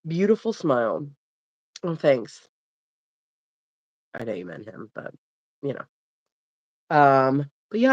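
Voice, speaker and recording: Middle-aged woman, low voice, sleepy rambling livestream host, dull dry home mic. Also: very animated, a little slow, long pauses, no echo. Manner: rambling, chatty, yawning, self-deprecating. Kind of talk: casual live stream chat.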